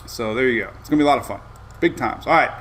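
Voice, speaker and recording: A man's voice: mid-range voice, very fast. Easygoing man hosting a casual weather chat. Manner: rambling, easygoing, excitable asides. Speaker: weather show host.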